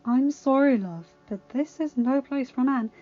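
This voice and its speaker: A woman's voice: high-pitched, moderate pace, lo-fi sound, faint music behind, pitched above the performer's own voice. A woman doing a kind motherly old midwife. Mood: gentle. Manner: soothing, gentle.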